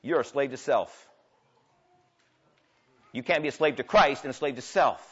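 A man preaching a sermon as pastor, swinging between loud emphatic declarations and quiet, intimate asides. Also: medium pitch, normal speed, husky. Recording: dull lo-fi church recording.

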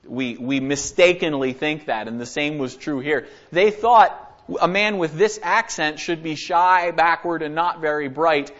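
A man's voice: on the high side, lo-fi sound. A man giving an earnest, conversational Bible study sermon, reading verses aloud and explaining them. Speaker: Bible teacher.

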